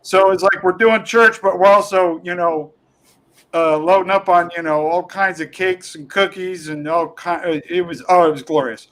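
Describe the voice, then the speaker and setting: A man with a high, bright voice, chatting as a comedian guest on a podcast. He rambles through his stories with plenty of fillers and restarts, laughing along as he goes. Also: steady tone, normal speed, poor audio. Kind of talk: casual podcast chat, telling funny stories.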